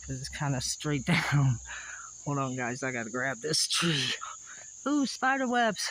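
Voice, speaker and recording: A man's voice: medium pitch, expressive, a little slow, bright, forceful tone, rough recording. Breathless man hiking uphill. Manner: chatty, laughing, folksy rural speech. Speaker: vlogger exploring old sites. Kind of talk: casual on-camera narration while hiking. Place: wooded hillside outdoors. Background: insects and crickets.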